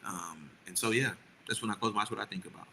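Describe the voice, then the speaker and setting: Middle-aged man, podcast co-host, earnest and rambling, bright voice, low in pitch, faint room hum. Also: fast talker, rough recording. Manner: earnest, rambling with many restarts. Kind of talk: casual chat with his wife.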